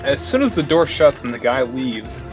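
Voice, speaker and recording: A mid-pitched man drops short, dry jokes into laid-back podcast banter about a film. Faint music sits underneath his voice. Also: very animated, normal speed. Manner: dry, joking asides. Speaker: podcast co-host. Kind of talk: casual movie-recap chat.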